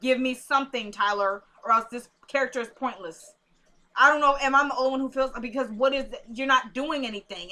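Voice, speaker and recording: A woman casually recapping a TV episode, acting out characters' lines in an animated, chatty way. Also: a little high. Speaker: TV recap host.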